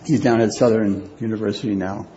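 A man preaching a sermon as pastor, speaking deliberately and repeating key phrases for weight. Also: lowish voice, steady tone, warm tone, lo-fi sound, slight background noise.

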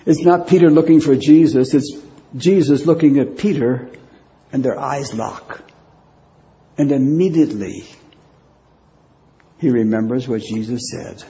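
A man preaching a sermon as pastor, speaking deliberately and repeating key phrases for weight. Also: mid-range voice, dark tone, highs cut off.

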